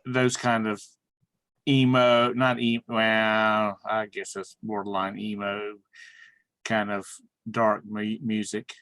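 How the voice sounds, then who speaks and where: A man's voice: fairly low pitch, flat delivery, slow pace, fairly bright tone, clear, resonant tone, dry recording. A man hosting a casual group chat, joking and laughing often. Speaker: show host.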